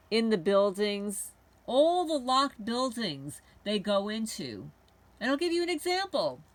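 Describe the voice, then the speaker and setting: A woman's voice: medium pitch, a bit bright, dry recording. A woman hosting a homesteading channel, talking to camera in a heated, indignant monologue and swearing now and then. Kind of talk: rambling angry monologue to camera.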